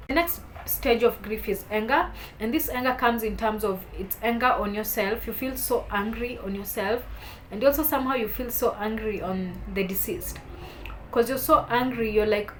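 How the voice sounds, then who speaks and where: A young woman, talking to camera in a heartfelt, halting way while holding back tears. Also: on the high side, slight background noise. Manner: heartfelt, halting, soft-spoken with emotional swells. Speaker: vlogger. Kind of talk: personal talk to camera.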